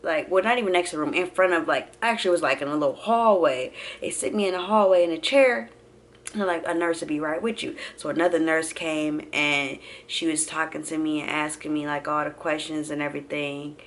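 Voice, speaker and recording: Young woman telling a lively storytime. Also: low voice, fairly quick, slight background noise. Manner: animated, acts out quotes, addresses viewers as y'all. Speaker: vlogger. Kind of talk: casual storytime monologue.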